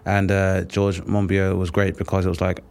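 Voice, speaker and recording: A man's voice: deep voice, completely flat delivery, normal speed, vocal fry, darkish tone, clear, resonant tone. A man who hosts a podcast and works as a comedian, talking earnestly at a live recording and searching for his words.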